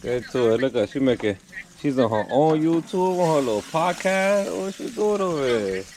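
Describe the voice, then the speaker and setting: A man's voice: on the high side, sing-song, moderate pace, darkish tone, a little hiss or hum. A man who drives trucks, chatting casually to his viewers in a laid-back way with lots of "you know" fillers. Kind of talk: casual vlog chat. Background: music.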